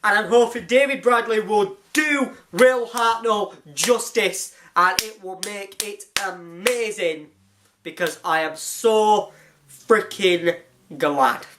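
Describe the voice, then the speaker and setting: A hyper fan reviewer recaps an episode in a rush of excitement. The speaker rambles and gushes, circling back with "anyway" again and again. The voice sits at a middling pitch. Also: takes it slowly, a little hiss or hum. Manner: hyper, gushing and rambling, often restarts with "anyway".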